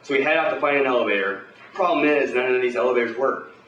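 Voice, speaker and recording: A man telling a first-person pulp action tale aloud in a gruff, swaggering, profane, hardboiled way. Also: mid-range voice, quick pace, a bit bright, reverberant, distant mic, lo-fi sound, slight background noise. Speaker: storyteller.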